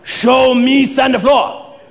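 A man voicing a calm, terse old male karate master who speaks slow, clipped broken English. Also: very high voice, voice pushed up, full character voice. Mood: calm instructing.

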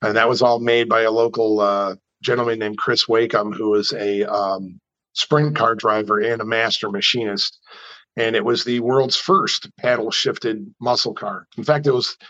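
Animated New storyteller man. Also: lowish voice, moderate pace, muffled recording. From New York. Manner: animated, chatty storyteller who acts out quotes. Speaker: custom car builder. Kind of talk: storytelling in an interview.

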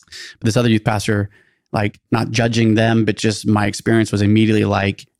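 A man's voice: lowish voice, completely flat delivery, brisk, gravelly, darkish tone, no echo, studio quality. A man co-hosting a podcast, telling a story in casual, rambling chat, full of fillers and acted-out quotes. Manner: rambling, filler-heavy, acts out quoted voices. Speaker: podcast co-host.

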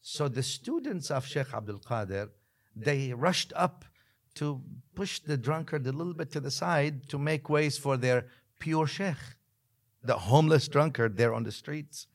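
A man, a religious scholar, telling a story as a podcast guest, lively one moment and dropping to a hushed near-whisper the next, with Arabic phrases woven in. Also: a little high, a little slow. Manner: mixes Arabic phrases into his talk.

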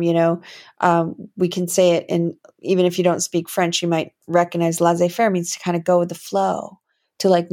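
A woman's voice: fairly low pitch, darkish tone. Woman musing in a rambling solo talk. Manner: rambling, musing, with many fillers and restarts. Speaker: podcast host and healing coach. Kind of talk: reflective solo monologue.

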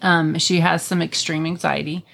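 A woman's voice: low-pitched, little pitch movement, moderate pace, creaky, a bit bright. A middle-aged woman telling family stories in a casual, earnest conversation, with many ums. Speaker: podcast guest.

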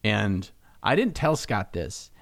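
A young man with a lowish voice co-hosts a relaxed hobby podcast, rambling along and cracking jokes at his own expense. The sound is dry and close, with no room echo. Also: slow, gravelly. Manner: joking, rambling, self-mocking. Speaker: podcast co-host. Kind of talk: casual hobby podcast chat.

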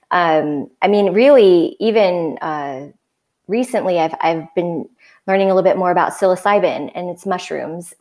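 A woman as a podcast host in casual chat, speaking thoughtfully with pauses as she gathers her words. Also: lowish voice, darkish tone.

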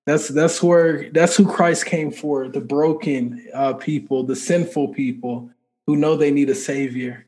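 Animated man telling his testimony. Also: a little high, unhurried. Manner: animated, acts out dialogue in his story; conversational filler-heavy speech. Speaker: podcast guest. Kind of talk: casual storytelling testimony.

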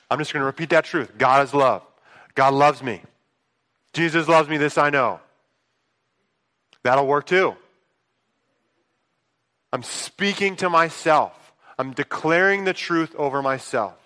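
Male pastor, casual storytelling sermon, bright forceful voice, big reverberant church room. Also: a little high, measured pace, long pauses. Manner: conversational storytelling, swings between hushed asides and excited outbursts. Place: church sanctuary. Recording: long reverb of a large hall.

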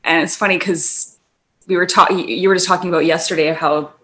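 A woman's voice: fairly low pitch, steady tone, a little fast, a bit bright. A woman co-hosting a podcast in casual chat, rambling through tangents and laughing often. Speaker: podcast co-host.

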